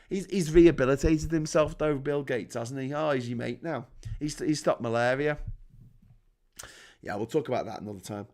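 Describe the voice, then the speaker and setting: A man's voice: mid-range voice, moderate pace, darkish tone. A man hosting a live stream, delivering profane, sarcastic, heated commentary. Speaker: livestream host.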